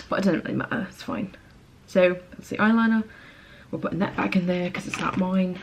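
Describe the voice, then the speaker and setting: In a casual home-camera makeup tutorial, a young American beauty vlogger rambles and giggles, mocking herself and saying "like" over and over. Her voice is lowish and a little mellow, with a slight hiss or hum underneath.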